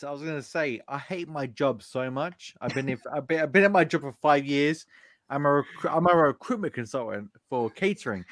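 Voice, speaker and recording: A man with a high, very animated voice, talking in a rambling, jokey way as he tells stories to friends. He often laughs partway through his sentences. The sound is dry and close, with almost no room echo. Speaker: podcast panelist. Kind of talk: casual group chat.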